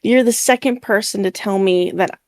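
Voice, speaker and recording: Expressive, laughing Midwestern American woman. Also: mid-range voice, moderate pace, dry recording, clean studio sound. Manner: expressive, laughs often, mimics accents. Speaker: interview guest, streamer. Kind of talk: casual interview chat.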